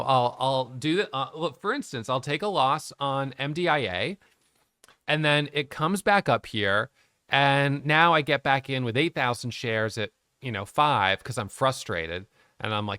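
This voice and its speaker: Middle-aged male trading educator, gravelly bright voice, candid and self-questioning, dry close sound. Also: medium pitch, no room sound. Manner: candid, self-questioning, thinking aloud with restarts. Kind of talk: reflective trading recap to camera.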